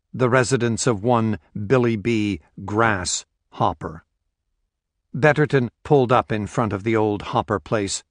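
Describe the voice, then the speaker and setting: A man reading a story aloud as audiobook narrator in a steady, measured way. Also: on the low side, dry recording, clean studio sound. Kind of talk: scripted narration.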